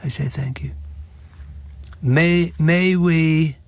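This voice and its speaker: A man's voice: a little high, steady tone, drawn-out words, gravelly, dry recording, full character voice. A man doing a boastful impression of a world leader, bragging in repeated superlatives.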